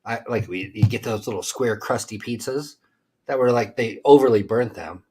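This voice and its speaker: A man's voice: on the low side, normal speed, darkish tone, slightly rough. A man co-hosting a casual livestream, joking and rambling as he reads comments from the chat. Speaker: livestream co-host. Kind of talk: casual live-stream chat.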